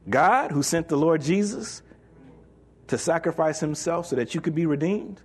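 A male pastor preaching a sermon in an animated, joking way, reading scripture and acting out the voices of doubters. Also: a little high, normal speed, husky.

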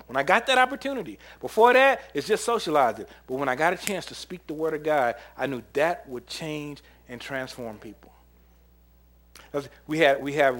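A man preaching a sermon, telling camp stories in an animated way, often laughing and acting out what people said. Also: medium pitch. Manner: animated storyteller, laughs often, acts out quotes. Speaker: preacher and former camp counselor.

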